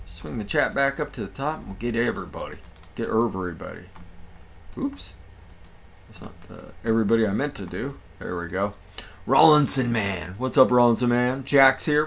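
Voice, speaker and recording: A man hosting a casual livestream with a gravelly, raspy edge to his voice. His pitch swings widely as he greets viewers one after another. The talk is upbeat and relaxed. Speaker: livestream host.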